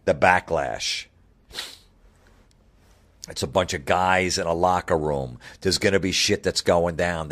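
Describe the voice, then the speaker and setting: A man's voice: sits low, fairly bright tone. A middle-aged man hosting a comedy podcast, ranting bluntly and swearing constantly. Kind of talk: profane comedic rant.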